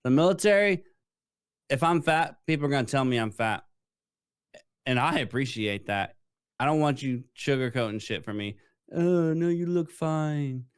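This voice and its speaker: A man's voice: medium pitch, expressive, normal speed, pauses often, clear, resonant tone, dry recording, studio quality. A young man, a podcast co-host with military service, speaking bluntly and with profanity in casual chat. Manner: blunt, profane, short interjections.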